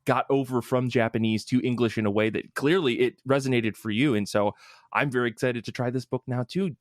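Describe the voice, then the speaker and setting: A young man in casual podcast chat with a medium-pitched voice. He rambles, restarts his sentences, and rises in pitch and volume when something excites him. The sound is dry and close to the mic. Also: a little fast, dry recording. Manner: rambling with frequent restarts and fillers; enthusiastic, gets louder and higher when excited. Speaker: podcast co-host.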